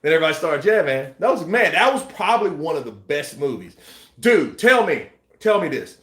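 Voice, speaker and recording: A man hosting a boxing news channel, chatting casually and acting out scenes with shouts and sound effects. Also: fairly high pitch, big pitch swings, brisk, reverberant. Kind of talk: casual live-stream chat.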